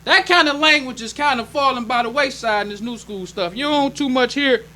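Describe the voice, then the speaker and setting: A man's voice: very high voice, brisk, bright, forceful tone. A male minister preaching a sermon in an emphatic, conversational way, drawing call-and-response from the congregation.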